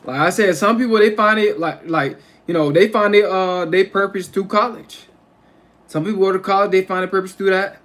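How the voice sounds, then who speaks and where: A man talks loosely to his livestream viewers from home, his voice sitting a little high. He rambles, circling back over the same phrases and restarting his sentences. The tone is casual and unscripted. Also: fairly quick, fairly bright tone. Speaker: livestream host.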